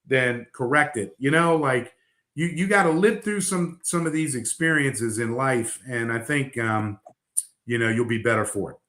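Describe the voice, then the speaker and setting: A man's voice: medium pitch, moderate pace, a bit bright, reverberant. A middle-aged man, a coach, talking bluntly in casual podcast chat, rambling with fillers and restarts. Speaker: basketball coach.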